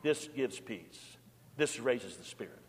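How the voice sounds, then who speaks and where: A man's voice: medium pitch, lively intonation, takes it slowly. Preaching man in a reverberant hall. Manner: emphatic preaching, swinging between forceful and hushed. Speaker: pastor. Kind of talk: sermon.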